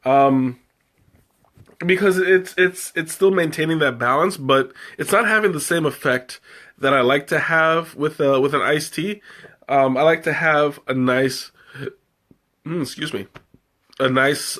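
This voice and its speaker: A man hosts a live tea tasting on a livestream, his voice slightly high, unhurried and a little bright. He chats casually and rambles, with lots of fillers and restarts.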